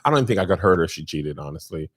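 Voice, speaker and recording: Lively, jokey man in casual chat. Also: low voice, racing, breathy edge. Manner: animated, jokey, laughs often. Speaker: podcast host.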